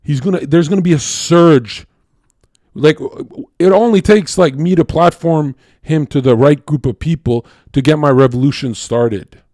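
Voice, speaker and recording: A man talking to his stream in a casual, animated and profane monologue, swinging between loud rants and quiet asides. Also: on the high side, normal speed, no room sound, clean studio sound.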